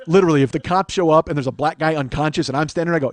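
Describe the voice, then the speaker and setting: A man telling a profane, animated story on a comedy podcast, acting out what other people said. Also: a little high, very fast, a little hiss or hum. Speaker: comedian host.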